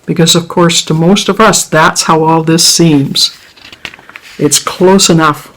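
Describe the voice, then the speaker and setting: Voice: mid-range voice, poor audio. A storyteller telling a folk tale to a live audience and then closing the evening as host. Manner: slow, expressive storytelling.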